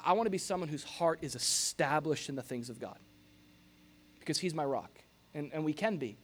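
A middle-aged pastor preaching a sermon in an animated, jokey way, acting out grumbling noises. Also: male voice, on the high side.

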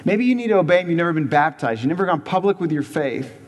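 Man, pastor, emphatic sermon, rhetorical questions, slightly high voice, long church reverb. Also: animated, fast talker. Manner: earnest, emphatic, repeats for stress, rhetorical questions.

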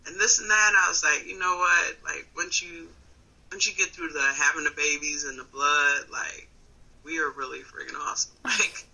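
A woman from Wisconsin, a comedian in her thirties, telling a story in casual chat on a phone call, animated and laughing often. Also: deep voice, normal speed, creaky, slightly rough. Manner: animated, laughing often, swings between loud and quiet. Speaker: comedian guest.

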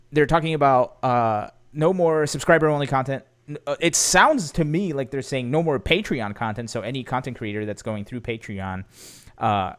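A man hosting a casual gaming news podcast, talking loosely with many fillers. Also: medium pitch. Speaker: podcast host.

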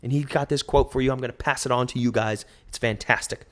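A man hosting a solo podcast, rambling in an animated, profane way into a microphone. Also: mid-range voice, fairly quick. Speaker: podcast host.

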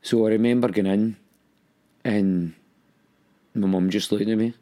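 A man with a Scottish accent recounting a painful personal story in a halting, emotional way. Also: lowish voice, steady tone, mellow.

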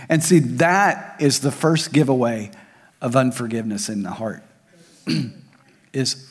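A man's voice: medium pitch, slow, long pauses, breathy edge. Man preaching in a reverberant hall. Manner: preacher's swings between raised emphasis and soft hushed asides. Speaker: pastor. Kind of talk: sermon. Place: large church hall.

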